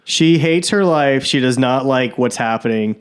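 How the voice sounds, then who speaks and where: A man's voice: medium pitch, clean tone. Laid-back man on a comedy podcast. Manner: laid-back, quick to quote characters in little voices. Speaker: podcast co-host. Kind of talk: casual comedy podcast chat.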